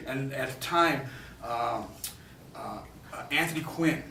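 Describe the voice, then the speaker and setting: A man, a film director from New York, telling a rambling, animated story in an interview at a film festival, with many restarts. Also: mid-range voice, slow pace, a little hiss or hum. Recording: echoey, distant mic with faint ambience.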